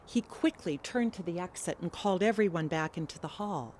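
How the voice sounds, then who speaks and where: A woman's voice: on the low side, a little fast, few pauses, a little mellow, slight background noise. A woman telling a personal story on stage in an earnest, emotional way.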